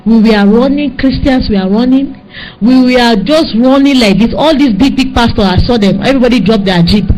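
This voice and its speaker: A woman with a Nigerian accent, preaching with fervor and telling a dream as testimony, pleading and rising to high cries. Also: normal speed, darkish tone, faint music behind, low-quality recording. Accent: Nigerian English.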